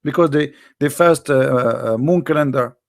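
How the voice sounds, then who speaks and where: A man speaks in slightly broken, pushing a combative religious argument. His delivery is mocking and full of rhetorical questions. His mid-pitched voice has a rough, gravelly edge. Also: normal speed. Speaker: Christian apologetics presenter.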